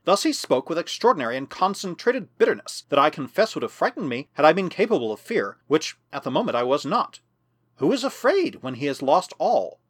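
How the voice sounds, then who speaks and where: A man narrating a first-person adventure novel as an audiobook, in a measured, expressive storytelling manner. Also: on the high side, slightly rough.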